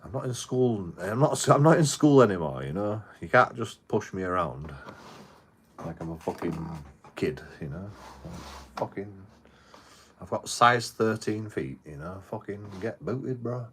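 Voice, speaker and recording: A man's voice: on the low side, lively intonation, measured pace, slight background noise. A man, telling a rambling, heavily sworn story in casual livestream chat. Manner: rambling, heavily profane storytelling with frequent restarts. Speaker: live streamer.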